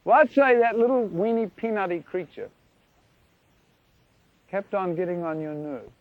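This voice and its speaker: A man preaching a sermon in an animated, playful way, with sound effects, in a lo-fi recording. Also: high-pitched, a little slow, dry recording.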